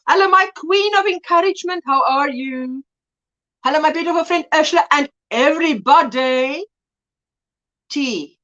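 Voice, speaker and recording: A woman's voice: fairly high pitch, sharp tone, highs cut off. A woman hosting a casual crochet livestream, chatting and teasing, greeting viewers by name. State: a little out of breath. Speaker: livestream host. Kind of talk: casual live chat while crocheting.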